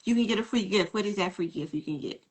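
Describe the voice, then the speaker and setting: A woman hosting a casual interview, talking slowly and laughing often. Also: mid-range voice, slightly rough, poor audio. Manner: slow, relaxed, laughs often and gives short backchannel replies. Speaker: podcast host.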